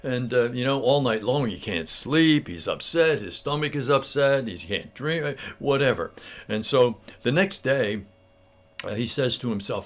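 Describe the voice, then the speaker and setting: An older man giving a casual spiritual talk, telling a story in a halting, homespun, earnest way. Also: medium pitch.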